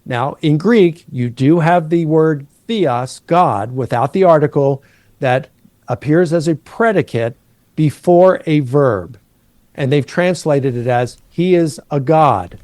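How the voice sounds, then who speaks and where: A middle-aged man, a New Testament professor, patiently explaining Greek grammar and slowing down to stress key words. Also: fairly high pitch, expressive, a little mellow, no echo.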